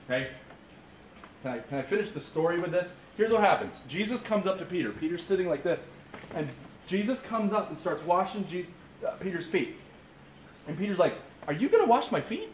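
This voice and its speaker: A man in his thirties preaching a sermon at a camp, telling stories in an animated way and often restarting his sentences. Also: high voice, a little fast. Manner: animated storytelling with frequent restarts. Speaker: pastor. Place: camp meeting room. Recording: roomy echo with faint hiss.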